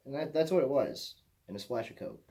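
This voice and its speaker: A man's voice: medium pitch, expressive, a little fast, mellow. A young man from Michigan telling a rambling personal story as a vlogger, swearing casually and often repeating himself. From Michigan, USA.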